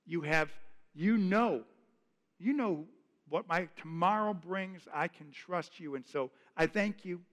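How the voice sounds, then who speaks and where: A man's voice: sits high, slow, a bit bright. Earnest preaching man, hall reverb. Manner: earnest, conversational preaching with repeated phrases. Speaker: pastor. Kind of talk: sermon.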